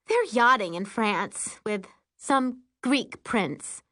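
Woman reader as a stuck-up preteen camp girl, haughty drawl, slow and lilting. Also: on the high side, animated, a bit bright, voice pushed up, full character voice.

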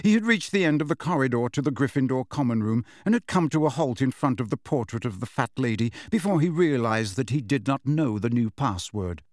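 A man reading a story aloud as an audiobook narrator, steady and measured. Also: mid-range voice, no room sound, studio quality.

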